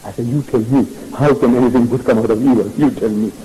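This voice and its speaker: A man's voice: mid-range voice, fairly even intonation, fast talker, mellow, rough recording. A man giving a public lecture, emphatic, repeating key phrases and telling stories with quoted dialogue. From South Africa. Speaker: Islamic lecturer. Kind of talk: public lecture with audience questions.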